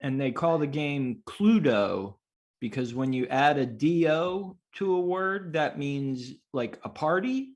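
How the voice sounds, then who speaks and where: A man's voice: a little high, animated, slow. A man hosting a casual trivia quiz, reading out questions and laughing along with the players. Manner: amused, laughs often while reading.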